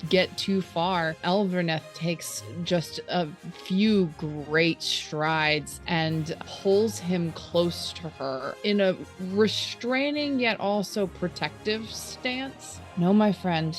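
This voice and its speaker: A woman playing a tabletop game, narrating her character's actions in a measured way. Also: fairly low pitch, soft background music. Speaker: player. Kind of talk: tabletop role-play.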